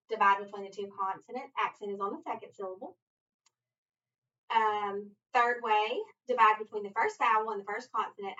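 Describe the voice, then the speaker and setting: A woman tutoring reading, walking a student through phonics coding rules at a slow, deliberate pace. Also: mid-range voice, pushed and bright, far from the mic. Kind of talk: structured phonics lesson. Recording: muffled audio from away from the mic.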